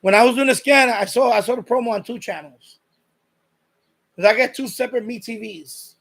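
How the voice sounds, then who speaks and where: Stream host, male, high-pitched voice, loose rambling chat that doubles back on itself and reads out viewer comments. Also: brisk, creaky, fairly bright tone. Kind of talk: casual chat with live viewers.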